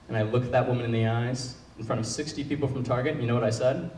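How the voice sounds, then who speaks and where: Young man doing deadpan stand-up. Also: mid-range voice. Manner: deadpan storytelling with punchline pauses. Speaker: stand-up comedian. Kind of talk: stand-up comedy set. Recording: echoey hall, distant mic.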